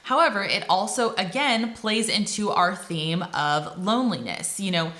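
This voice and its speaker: A woman summarizing and analyzing a novel for students in a casual video lesson, retelling scenes with quick paraphrased character quotes. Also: mid-range voice, animated, bright, forceful tone. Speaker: teacher explaining a novel.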